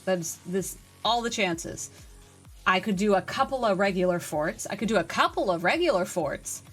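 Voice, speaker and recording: A woman game streamer chatting casually on a live stream, reading and answering chat with excitable energy. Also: medium pitch, normal speed, husky, soft background music.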